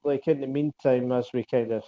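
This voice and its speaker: A Scottish man hosts a casual podcast chat and keeps it jokey, stumbling over his words as he goes. His voice is mellow and warm. The audio is dull and lo-fi, as on a remote recording. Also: mid-range voice, fairly even intonation, a little fast. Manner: jokey, stammering restarts. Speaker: podcast host.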